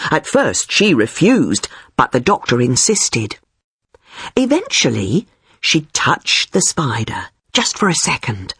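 Husky-voiced woman telling a story slowly. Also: sits low, no room sound, studio quality. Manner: expressive storytelling, reading slowly and clearly. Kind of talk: scripted narration.

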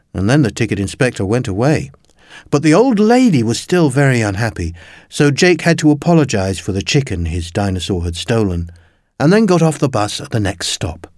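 A man reading a children's story aloud in an expressive, playful way. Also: medium pitch, no echo, studio quality. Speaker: narrator.

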